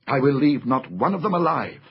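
A man's voice: medium pitch, sing-song, fairly quick, slightly rough, full character voice. A man voicing an ardent, commanding young king of a storybook realm. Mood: fierce. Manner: eager, commanding, flares into anger. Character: noble young male king, ardent and fierce. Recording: slightly dull lo-fi audiobook recording.

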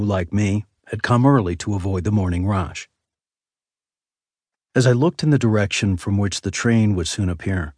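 Low-voiced male audiobook narrator. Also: husky, no room sound, studio quality. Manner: measured, even storytelling. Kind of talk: scripted memoir narration. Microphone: close studio mic.

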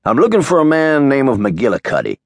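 A male audiobook narrator voicing a gruff, terse frontier man. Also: medium pitch, wildly swooping pitch, a little fast, no room sound, pitched above the performer's own voice. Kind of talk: audiobook character voice.

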